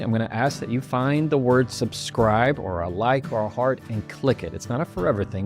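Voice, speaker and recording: Animated man, podcast host. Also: mid-range voice. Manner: animated, acts out quoted voices. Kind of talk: motivational podcast talk.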